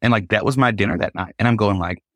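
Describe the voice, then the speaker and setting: Guesting on a podcast, a Christian singer animatedly tells a personal story and acts out what the people in it said. His voice sits on the low side and moves quickly, in a dry, studio-quality recording.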